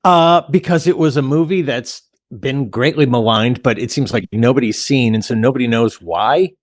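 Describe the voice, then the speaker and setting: A man's voice: medium pitch, moderate pace, dry recording. Guy on a podcast, medium voice, dry sound, just explains stuff matter of fact. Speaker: podcast co-host. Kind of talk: casual chat.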